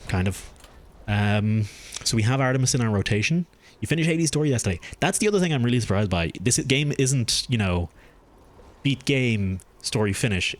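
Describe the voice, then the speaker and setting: A man streaming a game, chatting casually and thinking aloud as he plays, with his pitch jumping up when something surprises him. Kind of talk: casual gameplay commentary.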